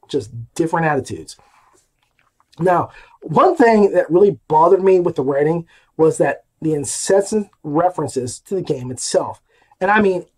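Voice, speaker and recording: A podcast host who reviews audiobooks talks through one in a loose, casual way, his voice notably high. He's opinionated and keeps adding emphatic asides.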